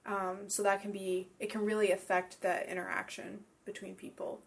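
A woman's voice: mid-range voice, level tone, normal speed, vocal fry. A woman co-teaching an English lesson, agreeing often and steering the talk with questions. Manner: agreeable, asks guiding questions. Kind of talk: casual teaching chat.

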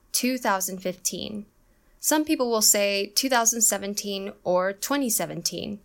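A woman co-hosting an English-learning podcast, reading a scripted lesson and slowing down to model each sound. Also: medium pitch. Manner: careful, explanatory, slows down on example sounds. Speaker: podcast co-host, English teacher.

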